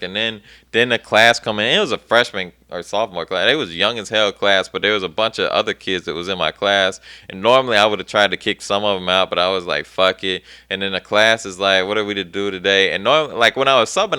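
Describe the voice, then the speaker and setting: Young man with a bright, crisp voice and a low-pitched register, telling a profane story in casual podcast chat, recorded dry and close. He acts out both sides of the conversations with lots of energy. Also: dry recording. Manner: profane, animated storyteller who acts out dialogue. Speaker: podcast host.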